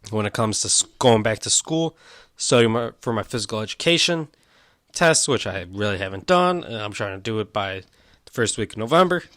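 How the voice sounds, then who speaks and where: A man's voice: medium pitch, a bit bright, dry recording, studio quality. A young man from Chicago hosting his own podcast, talking in a rambling, self-deprecating, loose and chatty way. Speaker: podcast host. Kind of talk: casual solo podcast chat.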